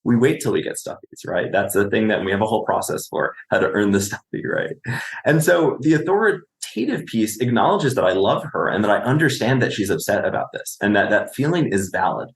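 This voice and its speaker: A man's voice: on the low side, very animated, a little fast, reverberant. A man, a clinician and podcast guest, explaining parenting in conversation, often asking "right?" and acting out what a parent would say.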